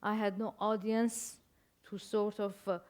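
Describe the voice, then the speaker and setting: A woman's voice: medium pitch, little pitch movement, a little mellow. Older woman with a Persian accent. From Iran. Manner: halting, searching for words, wry humor. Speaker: author guest. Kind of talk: reflective interview storytelling.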